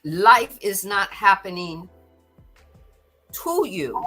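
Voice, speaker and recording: Bright-voiced woman giving earnest spiritual talk. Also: mid-range voice, animated, extremely slow, husky, soft background music. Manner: earnest, repeats words when stirred. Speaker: podcast host.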